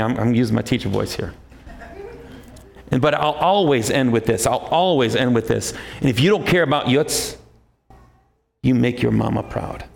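Gravelly-voiced man preaching a sermon. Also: normal speed, pauses often. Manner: emphatic preaching, rising to a high forceful pitch. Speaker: pastor.

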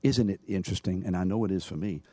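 A man preaching a sermon with forceful emphasis, his voice low and warm. He swings between rising, stressed phrases and quieter drops. The sound is close and dry. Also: fast talker, dry recording. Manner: emphatic preaching, rising and falling in pitch and loudness. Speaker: pastor.

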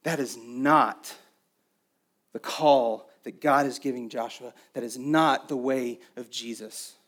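A man preaching a sermon as pastor, swinging between emphatic raised passages and quiet, intimate stretches. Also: medium pitch, slow.

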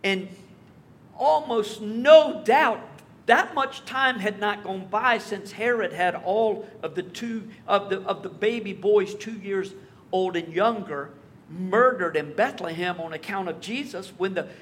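Man preaching A pastor works through scripture in a high, bright-pitched voice. He keeps it conversational, dropping wry asides between verses. A faint hum sits under the recording. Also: measured pace. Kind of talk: expository sermon.

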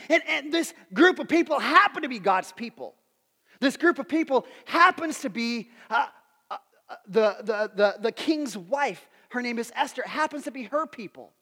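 A man in his thirties delivers a sermon through self-deprecating family stories, often turning questions to his listeners. His voice sits unusually high for a man. A long hall reverb trails behind each phrase. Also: sharp tone. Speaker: pastor.

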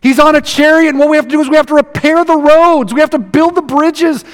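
Male preacher with a high voice, casual and lively, acts out the verses; long room reverb. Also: fast talker. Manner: conversational, animated, acts out scripture quotes. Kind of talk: sermon.

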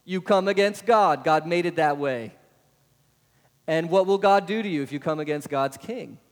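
Male pastor, questioning the congregation, a bit high-pitched, with a long church reverb. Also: moderate pace. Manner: asks the congregation many rhetorical questions, adds "right?". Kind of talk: sermon. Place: church sanctuary.

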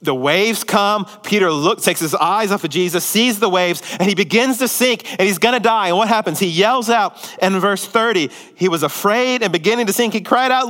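Male pastor, slightly high voice, dramatic sermon delivery, long hall reverb. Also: expressive, normal speed. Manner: dramatic swings from emphatic to hushed; repetitive, rhetorical questions.

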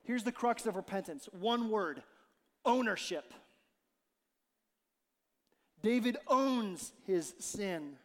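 Pastor guy preaching in a big hall, high voice, jokey and animated, long echo off the walls. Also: slow, pauses often. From Ohio. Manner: animated, jokey, acts out quotes. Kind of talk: sermon.

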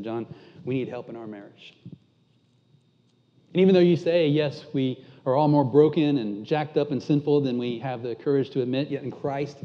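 A man preaching a sermon and telling a candid, self-deprecating story. At tender moments he drops almost to a hush. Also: mid-range voice, slight background noise. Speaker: pastor. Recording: muffled sound with long hall reverb.

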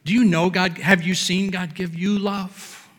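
A man preaching a sermon from a podium, emphatic, swinging between near-shouts and low, quiet lines. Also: little pitch movement, unhurried, in a large hall. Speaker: pastor. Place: church sanctuary.

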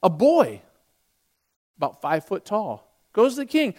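A man preaching a sermon, retelling a story with lively, acted-out dialogue. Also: high voice, a little slow, long pauses. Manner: animated retelling with quoted dialogue. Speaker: pastor.

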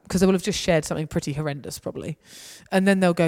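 Woman giving a lively talk. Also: on the low side, fairly quick, hardly any pauses. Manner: conversational, lively and anecdotal. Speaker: speaker. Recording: reverberant hall.

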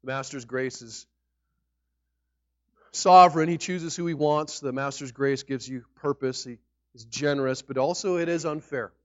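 A man preaching a sermon as pastor, emphatic, with sudden loud peaks on key words. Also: mid-range voice, normal speed, no echo. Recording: dull lo-fi recording.

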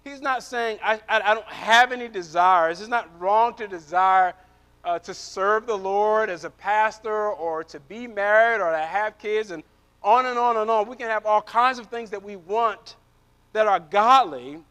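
A man delivers a sermon with an unusually high, ringing voice. He builds to loud, emphatic declarations, then drops to quiet, intimate near-whispers. He often repeats words as he drives a point home. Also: unhurried, clear, resonant tone. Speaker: pastor.

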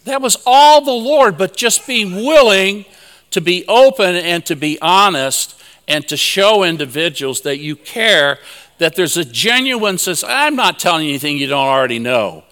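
A man's voice: high-pitched, expressive, normal speed, pushed and bright, big-room sound. A man giving a sermon at a conference, telling folksy personal stories with chuckles. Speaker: conference speaker.

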